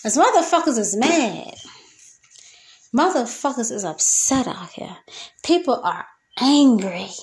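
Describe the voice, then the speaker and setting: A woman's voice: on the high side, expressive, unhurried, pauses often. A young woman hosting a solo podcast, venting in a loose, profane, laughing rant from her kitchen. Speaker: podcast host. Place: home kitchen.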